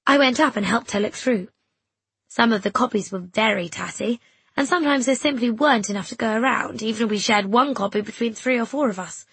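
A woman reading an audiobook narration in a measured, reflective way. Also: on the high side, fairly bright tone, husky, dry recording.

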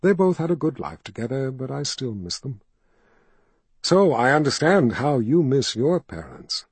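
A man reading an audiobook voices a soft-spoken, sinister male ruler who coaxes a frightened child with false gentleness. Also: mid-range voice, sing-song, normal speed, slightly rough, no echo. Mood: coaxing, soothing. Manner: soft, coaxing and indulgent. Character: smooth, soft-spoken male tyrant posing as kind.

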